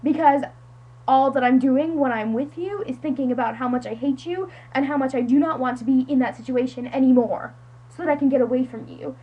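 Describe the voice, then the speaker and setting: A woman's voice: high-pitched, a little fast, husky, lo-fi sound. A teenage girl from the United States telling a friend a story in a casual, dramatic, self-mocking way, full of "like". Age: teens. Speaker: vlogger.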